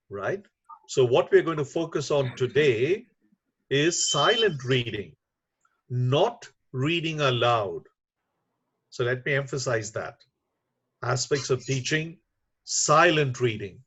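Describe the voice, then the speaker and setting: A man giving an online lecture on teaching reading, measured and unhurried, with frequent fillers. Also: medium pitch, a bit bright, husky. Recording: muffled lo-fi webinar audio.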